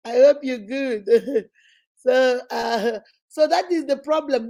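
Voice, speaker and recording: A woman's voice: sits high, takes it slowly, mellow. A middle-aged Nigerian woman hosting a casual vlog, telling stories with laughter and rhetorical questions. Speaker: host.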